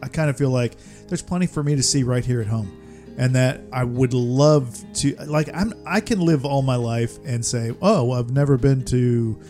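Animated, laughing middle-aged man chatting. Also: mid-range voice, moderate pace, faint music behind. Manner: animated storyteller, laughs often. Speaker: podcast co-host. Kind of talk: casual chat.

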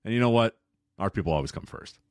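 A man's voice: lowish voice, lively intonation, fast, darkish tone, dry recording. Laid-back podcast host man, dry close sound. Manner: laid-back, laughs easily, restarts often. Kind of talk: casual chat.

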